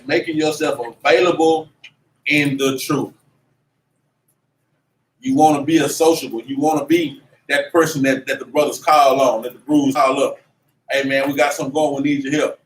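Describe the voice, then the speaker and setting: A man teaching a religious class in an animated, preachy way, with lots of slang and repeated "man". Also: medium pitch, normal speed. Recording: echoey room, mic at a distance, faint noise.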